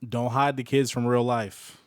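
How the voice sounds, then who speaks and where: A man co-hosting a casual podcast who jokes and talks in a laid-back, slangy way. His voice is smooth and clear at an average pitch. It is recorded close and dry. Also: level tone, a little slow, dry recording. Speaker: podcast co-host. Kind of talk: casual chat.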